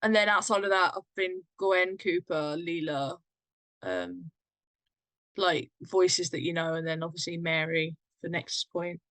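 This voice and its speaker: A woman's voice: lowish voice, unhurried, fairly bright tone, no echo. A woman voice actor, a guest in a casual chat, talking playfully and laughing often.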